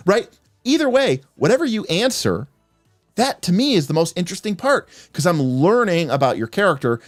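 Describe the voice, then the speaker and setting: A man hosting a livestream, talking about tabletop role-playing games as a game master and acting out players' lines in quick asides. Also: sits high, sing-song, dry recording, clean studio sound, soft background music. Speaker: game master and podcast host.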